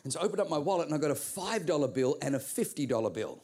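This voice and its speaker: A man from Australia preaching a sermon, telling stories in an animated way with repeated words. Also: fairly high pitch, racing. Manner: animated storytelling with comic voices and repeated words.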